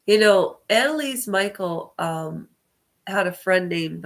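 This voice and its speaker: A woman's voice: fairly low pitch, expressive, slow pace, creaky. Congested woman rambling on her vlog. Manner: meandering, hesitant, corrects herself often. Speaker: channel host. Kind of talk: rambling personal vlog talk.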